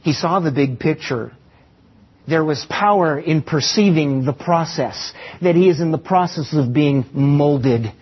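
A pastor with a fairly high, slightly rough voice preaches unhurriedly to his church congregation, posing rhetorical questions and repeating key phrases for emphasis. The recording is dull and lo-fi.

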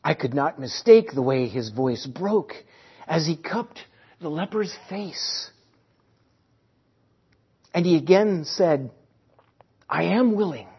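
A man preaching a sermon and reading a passage aloud, emphatic, swelling and then dropping to a hush. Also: fairly high pitch, lively intonation, slow pace, pauses often, slightly rough, highs cut off. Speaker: pastor.

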